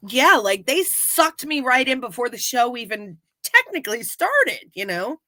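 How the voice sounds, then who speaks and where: A woman co-hosting a casual live-stream, retelling an episode in animated fashion and acting out quotes. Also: fairly high pitch, a little slow, no room sound. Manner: animated storyteller, acts out quotes. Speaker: podcast co-host recapping a TV episode. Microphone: live-stream setup.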